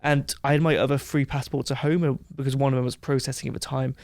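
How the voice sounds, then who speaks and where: A man from England, a podcast guest telling a brash, animated story in casual chat. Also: medium pitch, fast talker, creaky, dry recording, clean studio sound.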